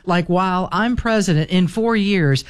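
A man's voice: sits high, normal speed, smooth, no echo. A man co-hosting a casual political chat, agreeable and teasing in his interjections. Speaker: co-host.

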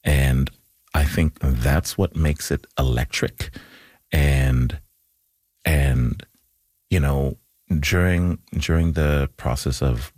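A man's voice: a bass voice, slow pace, a little mellow, no room sound. A man, an actor, talking thoughtfully in a radio studio interview, often restarting and reciting lines with feeling. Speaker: actor, guest.

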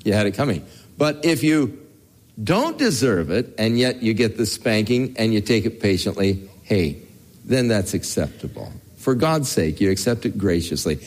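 Folksy older man preaching with lively pitch. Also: moderate pace. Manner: folksy, storytelling, chuckles as he talks. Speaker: pastor. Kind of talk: conversational Bible teaching sermon.

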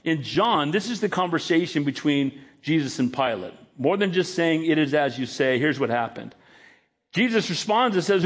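Pastor guy preaching, pretty high voice, gets emphatic and acts out the lines. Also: expressive, moderate pace, husky. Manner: emphatic, acts out quoted dialogue with rising pitch. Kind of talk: sermon.

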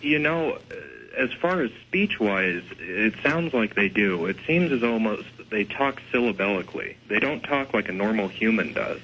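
Low, bright-toned man on a lo-fi line. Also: lively intonation, normal speed, slight background noise. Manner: explanatory, loose with fillers. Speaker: ghost investigator guest. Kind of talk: radio interview.

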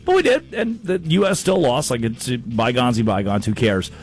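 Animated joking male podcast host. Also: medium pitch, moderate pace, soft background music. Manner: animated, jokey, mock-dramatic. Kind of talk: casual comedic sports chat.

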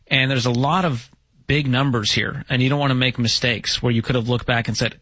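Calm male host giving steady advice, dry studio sound. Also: mid-range voice, fairly quick, no room sound, rough recording. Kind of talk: call-in advice conversation.

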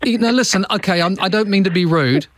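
A man's voice: sits high, fast. A middle-aged Australian man hosting an overnight radio show, chatting and joking with callers in a self-mocking way. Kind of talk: late-night radio chat with callers. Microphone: studio microphone.

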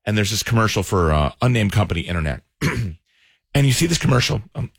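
A man's voice: fairly low pitch, big pitch swings, fairly quick, breathy edge, dry recording, studio quality. A man in his twenties telling an emotional story in casual radio chat. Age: 20s. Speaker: radio show host.

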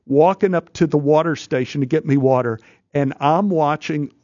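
A man as a studio guest telling a story in an animated way, restarting phrases and acting out the people in it. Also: fairly high pitch, no echo, muffled recording. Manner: halting, restarts phrases, acts out quoted voices.

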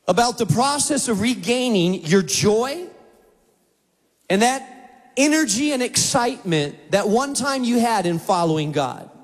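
A man preaching a sermon to a large auditorium, telling animated stories and acting out voices. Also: sits high, in a large hall. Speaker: pastor.

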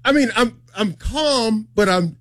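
A man's voice: high-pitched, unhurried, no echo, studio quality. A man, a morning radio co-host telling a story casually and acting out quotes in a raised voice. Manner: animated, acts out quotes in a raised voice.

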